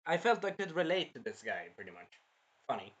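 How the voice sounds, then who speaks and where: A man in his early twenties giving a rambling, casual movie review, jumping between topics with sudden loud outbursts. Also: a little high, sing-song, fairly quick. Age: early 20s. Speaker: film reviewer.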